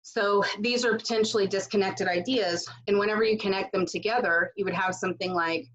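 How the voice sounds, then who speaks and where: A woman's voice: mid-range voice, fairly even intonation, a little fast, few pauses, fairly bright tone, lo-fi sound. A woman teaching a casual recorded writing lesson from home, speaking loosely with many fillers and asides. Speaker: writing instructor.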